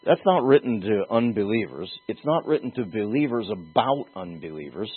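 A man preaching a sermon as pastor, earnest and emphatic, with pauses and restarts. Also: fairly low pitch, expressive, breathy edge. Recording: tinny phone-like lo-fi sound.

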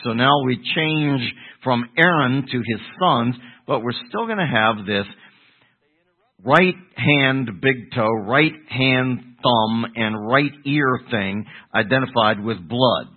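A man's voice: medium pitch, slow, husky. An older man, a pastor, teaching a Bible sermon, putting questions to the congregation and answering them himself. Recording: tinny phone-like radio broadcast.

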